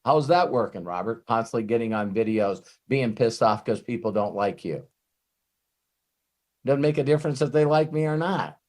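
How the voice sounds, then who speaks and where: A man giving an off-the-cuff motivational talk as a network marketing trainer, rambling and animated, swearing freely and often breaking off and restarting his sentences. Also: mid-range voice, moderate pace. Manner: frequent restarts and self-interruptions.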